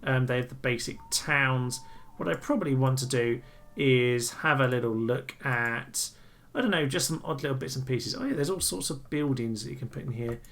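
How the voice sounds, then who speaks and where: Chatty man narrating gameplay, bright. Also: mid-range voice. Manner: chatty and amused, quick asides. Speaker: gaming channel host. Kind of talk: casual gameplay commentary.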